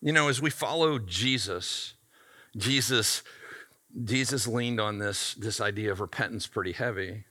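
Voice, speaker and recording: Forceful, bright-voiced male pastor preaching. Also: lowish voice, measured pace. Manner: emphatic, conversational preaching. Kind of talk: sermon.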